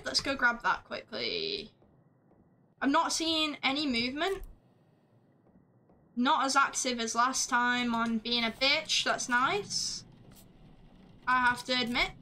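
A woman streaming a game live, chatting along as she plays, swearing freely and shouting at the screen. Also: high-pitched. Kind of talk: live gameplay commentary.

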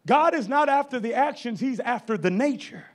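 Man preaching, very high voice, fiery folksy sermon, builds to shouting. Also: expressive, moderate pace. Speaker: pastor.

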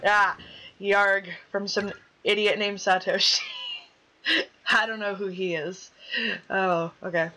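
A young woman with a bright, forceful voice narrates her horror game run, joking and then squealing "go away" whenever something startles her. Her voice is tense and sharp at the top, and her pitch sits right in the middle. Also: huge pitch swings, slow, long pauses, a little hiss or hum, low-quality recording. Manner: jokey, easily spooked, yelps at scares. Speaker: let's play gamer. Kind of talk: casual game commentary, reading dialogue aloud.

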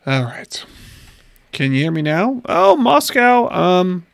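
This livestreamer, a man in his thirties, chats casually with viewers while playing a space game at home on a desk mic. He speaks slowly in an expressive, high-leaning voice with vocal fry, captured in a dry recording.

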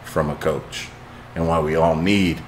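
A man hosting a motivational talk, telling a dramatic story that swings from hushed intensity to shouting. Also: very deep voice, steady tone, unhurried, a little hiss or hum. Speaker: host.

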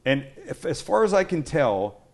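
A man's voice: a little high, sing-song, moderate pace, vocal fry, darkish tone. A man hosting a cooking show, chatting and joking with guests while he works out a recipe aloud. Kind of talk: casual cooking chat.

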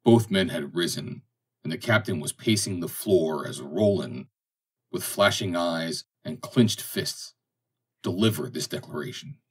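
A man narrating an audiobook in a steady, deliberate reading style. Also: low voice, husky.

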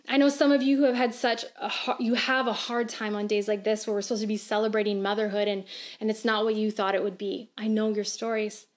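A pastor in her thirties preaches a sermon on a church livestream, earnest and conversational, asking gentle questions. Her voice is on the high side.

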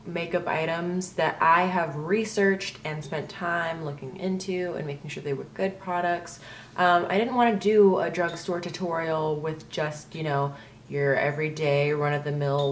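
A woman's voice: sits low, slight background noise. A young woman chatting casually through a makeup tutorial, rambling with lots of ums and likes. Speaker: beauty vlogger.

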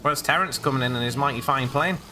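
A let's-play host with a mid-range voice talks fast, giving jokey, rambling commentary on his gameplay and breaking into sudden exclamations. Background noise runs throughout this casual session.

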